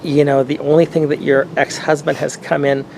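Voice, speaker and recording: Gravelly-voiced male interview host. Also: fairly high pitch, little pitch movement, normal speed. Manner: supportive listener, frequent affirmations. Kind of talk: interview conversation. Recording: noisy background hum.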